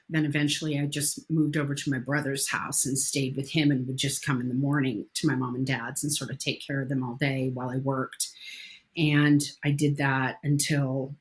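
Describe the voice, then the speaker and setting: A woman with a notably low voice, chatting as a guest on a podcast. She tells personal stories in a frank, blunt way and drops casual swear words without hesitation. The talk is relaxed and conversational. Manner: candid, blunt storyteller who swears casually. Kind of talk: casual interview chat.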